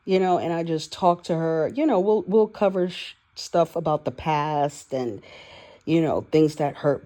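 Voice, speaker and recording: A woman's voice: low-pitched, unhurried, mellow. A woman in her forties rambling candidly and emotionally through a personal audio diary, swearing now and then. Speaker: vlogger. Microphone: voice-only recording, no video.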